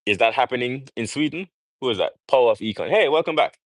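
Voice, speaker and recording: A man's voice: mid-range voice, expressive, fast, no room sound, poor audio. Jamaican-born man preaching on a livestream. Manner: preachy, rhetorical questions, emphatic. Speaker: livestream host. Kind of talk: casual livestream monologue.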